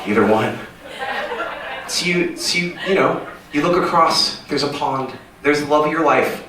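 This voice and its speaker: A man's voice: a little high, unhurried, sharp tone. A man doing a rambling, self-deprecating stand-up set on a small club stage. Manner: rambling, self-deprecating, jumps into silly voices. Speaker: stand-up comedian. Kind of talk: stand-up set at an open mic. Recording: echoey room, mic from far off, noisy.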